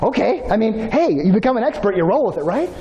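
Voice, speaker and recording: A man giving an energetic motivational keynote, telling stories and speaking straight to the audience. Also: high-pitched, fast talker, a little hiss or hum. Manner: energetic, storytelling, addresses audience directly.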